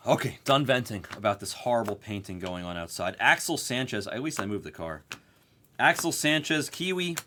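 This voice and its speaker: A man hosting a live card break, telling a story in an animated, profane rant. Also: medium pitch, a little hiss or hum.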